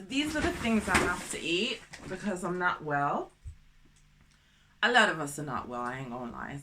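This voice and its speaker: A woman in her thirties vlogging casually to camera, excitable and goofy, jumping between topics and laughing often. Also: mid-range voice. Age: 30s.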